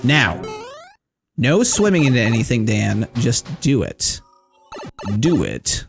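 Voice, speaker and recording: A man giving live gameplay commentary as a streamer. He is excitable, swears, and talks straight to his chat. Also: mid-range voice, slow, vocal fry. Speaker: game streamer. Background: game music.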